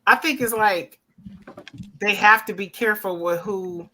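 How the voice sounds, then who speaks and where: A woman joining a casual podcast chat, her voice very bright and sharp. She tells a personal story in a relaxed, chatty way. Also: mid-range voice, a little slow, slight background noise. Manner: relaxed, chatty anecdote-telling.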